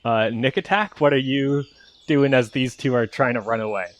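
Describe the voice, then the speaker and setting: A man's voice: medium pitch, moderate pace. A man running a tabletop game as game master, describing things in a meandering way with many fillers.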